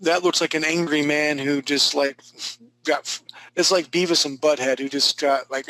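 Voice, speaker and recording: A man's voice: a little high, steady tone, moderate pace, pushed and bright, rough recording. A man teaching a live online drawing class, giving casual, encouraging critiques of students' work with jokes and frequent restarts. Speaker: art instructor.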